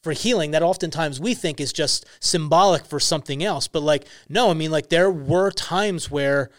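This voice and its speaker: A young man talks earnestly on a faith podcast, stressing his points and leaning on casual fillers. His voice sits a little high. The sound is dry and close to the mic. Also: moderate pace, no echo. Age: young adult. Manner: earnest, emphatic storytelling with many "like" fillers. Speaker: podcast guest, ministry founder.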